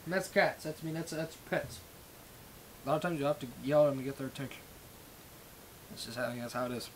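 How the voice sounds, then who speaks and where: A man's voice: medium pitch, brisk, slight background noise, rough recording. A young man hosting a livestream, ranting in a rambling, profane way with lots of restarts. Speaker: livestream host. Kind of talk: ranting casual monologue.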